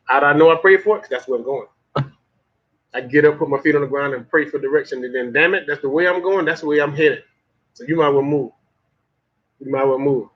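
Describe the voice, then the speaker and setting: A man's voice: on the high side, fast, pauses often. A man with a Southern US accent delivering a profane, folksy motivational monologue, repeating lines for emphasis. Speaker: motivational vlogger. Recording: muffled lo-fi audio.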